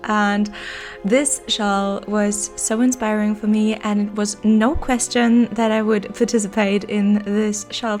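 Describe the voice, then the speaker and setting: A woman with a stuffy, nasal voice from being sick, chatting casually and enthusiastically as a Sims builder narrating her own speed build, with plenty of filler words. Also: fairly high pitch.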